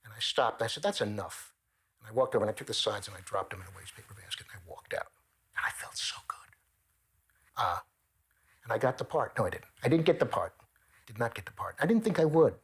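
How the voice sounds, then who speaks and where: A man's voice: medium pitch, animated, fast, breathy edge. A man telling an audition story with dry, self-mocking timing. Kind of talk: wry anecdote.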